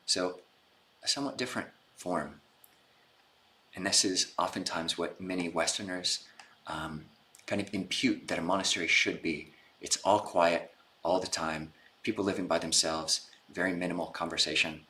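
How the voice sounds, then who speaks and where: A man's voice: low-pitched, steady tone, normal speed, pushed and bright. A man, a Buddhist monk, giving an informal dharma talk, explaining casually and retelling scenes in a chatty, slangy way.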